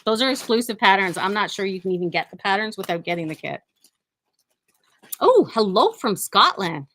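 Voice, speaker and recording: A chatty woman with a mid-range voice hosts a relaxed product showcase from a quilt shop. She talks warmly and eagerly, trips over her words and starts sentences again, and gushes over each item. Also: medium pitch, fast talker. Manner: chatty and enthusiastic, with frequent restarts. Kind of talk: casual live product showcase.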